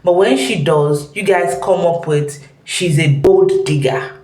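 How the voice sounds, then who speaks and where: A woman host giving a relaxed, laughing commentary on clips she has just watched. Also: lowish voice, unhurried, echoey room, poor audio. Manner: laughing, relaxed reaction chat. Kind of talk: casual commentary.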